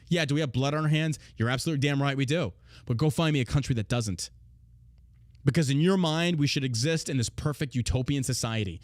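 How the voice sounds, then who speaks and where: A man hosting a podcast, talking in a blunt, heavily profane casual rant with loud, mocking outbursts. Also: mid-range voice, no echo, clean studio sound. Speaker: podcast host.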